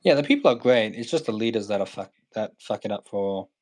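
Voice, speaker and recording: A man's voice: lowish voice, lively intonation, fast talker, darkish tone. A man from Iran, a guest on a livestream, talking in a blunt, joking way with many fillers. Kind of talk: casual livestream chat.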